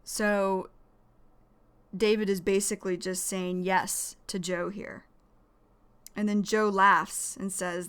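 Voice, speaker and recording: A woman teaching English vocabulary, explaining each word slowly and carefully. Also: medium pitch, a bit bright, clean tone. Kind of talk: vocabulary lesson.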